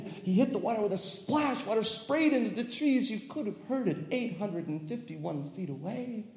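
A man telling a children's story live, playful and animated, with sound effects and laughter. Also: fairly high pitch, brisk, few pauses. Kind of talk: live storytelling to a family audience. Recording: echoey hall with long reverb.

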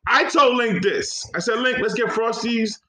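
Animated New man telling stories. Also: very high-pitched, measured pace. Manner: animated storytelling, acting out quotes with loud outbursts. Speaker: podcast co-host. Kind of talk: casual chat.

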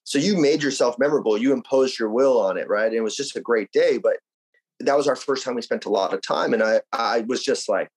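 A man from Arizona speaks as a podcast guest, his voice slightly husky with a mid-range pitch. He talks in a loose, energetic way, blunt and peppered with swearing. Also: fairly quick, poor audio. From Arizona, United States. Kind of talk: casual conversation.

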